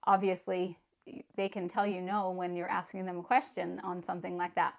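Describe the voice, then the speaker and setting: A woman's voice: on the low side, flat delivery, moderate pace, creaky. A middle-aged woman giving parenting advice in a casual, earnest talk, repeating words and leaning on "you know". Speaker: parenting vlogger.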